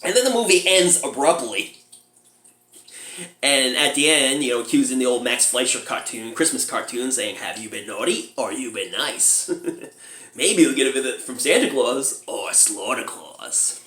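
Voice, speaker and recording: A man casually reviewing a low-budget horror movie, laughing often as he retells scenes and squeaks out the characters' lines. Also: lively intonation, normal speed, fairly bright tone, echoey room.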